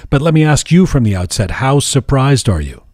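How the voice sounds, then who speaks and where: A man hosts a podcast interview in an earnest, measured way. His voice sits in a middle pitch, and it is recorded dry and close with no room sound. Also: sing-song, darkish tone, no room sound. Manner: measured, earnest, with some restarts when speaking off script. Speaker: podcast host. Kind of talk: scripted introduction then interview.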